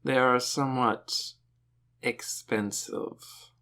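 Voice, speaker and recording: A man voicing a sly, pushy shopkeeper who talks slowly and smugly. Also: medium pitch, fairly even intonation, sharp tone. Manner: slow, smug, insinuating.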